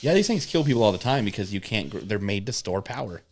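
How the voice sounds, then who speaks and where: A man's voice: on the low side, sing-song, fast, darkish tone, a little hiss or hum. A man telling rambling work stories in casual chat, swearing often and acting out coworkers. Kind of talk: casual storytelling with profanity.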